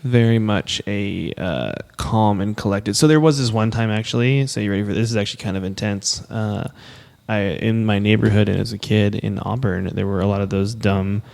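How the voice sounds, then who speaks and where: Low-voiced man telling stories on a podcast. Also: brisk, creaky. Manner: swearing, animated storytelling. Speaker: podcast co-host. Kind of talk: casual chat.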